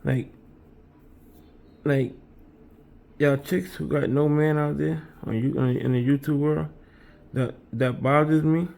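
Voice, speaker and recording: A man banters loosely with his viewers while baking in his home kitchen. His voice is thick with gravelly fry and has a dark, mellow tone. He rambles and repeats phrases as he goes. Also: on the high side, steady tone, takes it slowly, pauses often. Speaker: streamer baking on camera. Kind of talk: casual live-stream chat with viewers.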